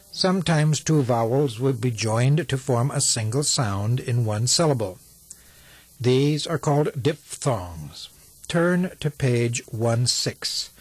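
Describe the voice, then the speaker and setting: A man reading a language lesson from an old instructional tape, slow and carefully enunciated. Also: mid-range voice, slightly rough, dry recording.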